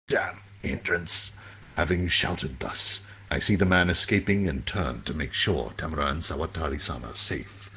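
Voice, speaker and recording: A man reading a story aloud as its narrator, expressive with dry asides. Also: rumbling low, gravelly, a little hiss or hum. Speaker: story reader.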